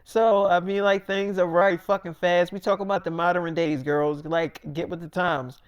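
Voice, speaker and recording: A man's voice: sits high, level tone, moderate pace, smooth, dry recording, muffled recording. A man narrates an improvised story in a loose, slangy way. His talk is peppered with profanity. The recording is dry and close, with no room sound around his voice.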